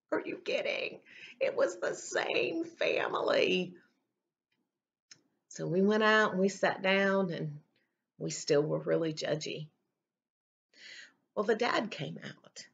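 A woman pastor delivers a sermon, earnest and conversational, as if telling a story to her congregation. Her voice sits low, with a gravelly edge. The service recording sounds slightly dull and lo-fi.

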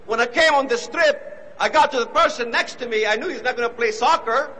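A man giving an impassioned speech, emphatic and repetitive, now and then rising to shouts. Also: extremely high pitch, fairly quick, slight background noise, poor audio. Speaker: speaker.

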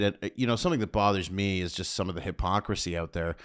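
A man's voice: lowish voice, steady tone, a little fast, hardly any pauses, fairly bright tone, smooth. A man from Canada, a stand-up comedian ranting sardonically on his own show with rambling, provocative asides. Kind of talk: comedic rant.

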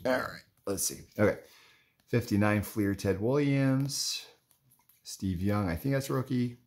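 Low male voice, young adult card collector, loose rambling off-the-cuff commentary. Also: a little slow, a little mellow. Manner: rambling and chatty, lots of "like" and "anyways". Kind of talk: casual running commentary while flipping through cards.

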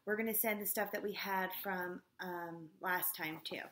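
Chatty teacher reading aloud in an echoey room. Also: female voice, lowish voice, steady tone, moderate pace, a bit bright. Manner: casual, chatty asides to the class. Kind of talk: reading a storybook aloud to students.

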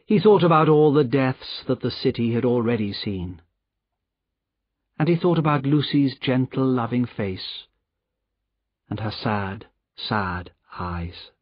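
A man reading a novel aloud as an audiobook narrator, in a slow, measured delivery. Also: mid-range voice, animated, no echo. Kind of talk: scripted narration. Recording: dull, dry audiobook recording.

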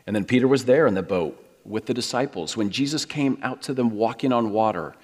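A man's voice: mid-range voice, a little fast, darkish tone. A middle-aged American man preaching a sermon, storytelling and acting out the voices he quotes. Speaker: pastor. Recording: long hall reverb.

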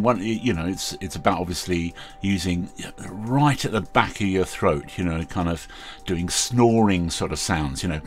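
A man's voice: low-pitched, a bit bright. A man hosting a casual how-to tutorial, talking in a rambling, chatty way with many fillers. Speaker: video host.

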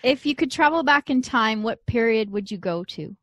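A woman's voice: a little high, expressive, normal speed, no room sound. A woman from Canada co-hosting a casual podcast, bubbly and laughing often. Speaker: podcast co-host.

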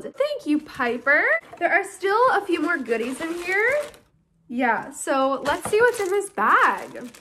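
Young woman vlogger, high and bright, excitable, gushing casual chat. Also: slight background noise. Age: young adult. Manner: bubbly and excitable, gushing with thanks. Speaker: YouTuber opening fan mail.

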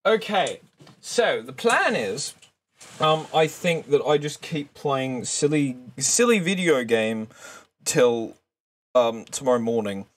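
A gaming streamer chats casually during a live game stream, rambling, mocking himself, and swearing a lot. His mid-range voice is sing-song and slow.

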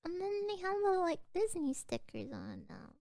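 A woman's voice: very high-pitched, huge pitch swings, moderate pace, darkish tone. A sleepy young woman streamer rambling drowsily as she chats to her viewers, often trailing off. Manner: chatting to viewers. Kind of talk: casual livestream chat.

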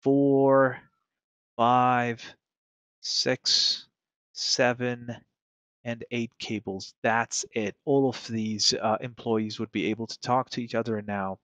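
A man's voice: mid-range voice, steady tone, slow pace, a bit bright, no room sound. A man teaching a networking lesson in a conversational way, often asking rhetorical questions. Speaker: networking instructor. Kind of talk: screen-recorded tech lesson.

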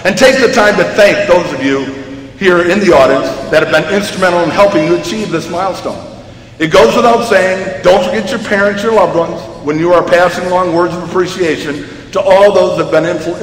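A man's voice: high-pitched, fairly quick, slight background noise. A man giving a casual, joking graduation speech as the school's principal, telling a story and acting out its voices. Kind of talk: informal commencement speech. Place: large arena. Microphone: PA microphone heard in a big hall. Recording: echoey arena with long reverb.

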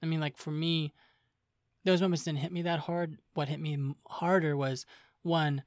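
A man's voice: a little high, level tone, normal speed, dry recording. Chatty young man, dry close sound. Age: young adult. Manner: chatty, lots of fillers, retells scenes. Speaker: podcast co-host. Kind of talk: casual chat.

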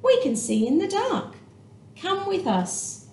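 A woman voicing a tender, caring mother bat in a storybook read-aloud, with a soft, gentle delivery. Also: extremely high pitch, sing-song, slow pace, roomy sound, a little hiss or hum, pitched above the performer's own voice, heavily acted. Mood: coaxing.

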